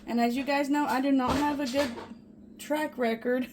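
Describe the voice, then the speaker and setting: Background noise accompanies a woman's high-pitched voice at a moderate pace. Baking in her little home kitchen, she excitedly chats away to her viewers, calling them "guys," in a casual cooking video.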